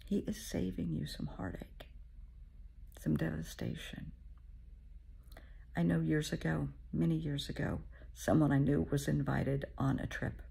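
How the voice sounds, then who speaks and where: A low-pitched, deeply gravelly woman speaks as a therapist giving a motivational talk. Her voice is very husky and breathy, often dropping to a half-whisper. She is middle-aged and addresses the listener as honey. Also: little pitch movement, a little slow, mellow.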